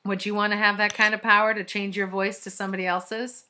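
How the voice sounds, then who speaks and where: A woman's voice: mid-range voice, little pitch movement, quick pace, sharp tone. A woman reading a children's book aloud expressively, now and then speaking to young listeners.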